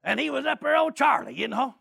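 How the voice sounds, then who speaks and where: Gravelly high-voiced preacher. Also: male voice, quick pace. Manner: animated, often shouting and laughing while telling a story. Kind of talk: storytelling sermon.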